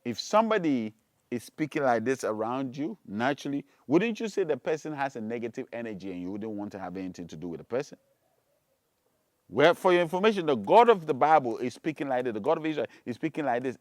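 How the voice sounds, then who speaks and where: A man preaching, reading scripture low and slowly, then rising to loud, emphatic rhetorical questions. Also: sing-song, no echo, clean studio sound. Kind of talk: preaching sermon.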